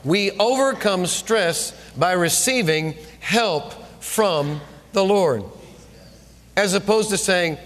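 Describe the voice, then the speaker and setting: High-voiced preacher in a reverberant hall. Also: male voice, slow. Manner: animated storytelling, repeats phrases for emphasis. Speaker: pastor. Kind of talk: sermon. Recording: long reverb of a large room.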